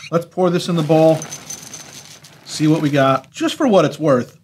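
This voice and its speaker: A man hosting a casual cereal review vlog, talking in an animated way, laughing often and playing up his disgust. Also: on the high side.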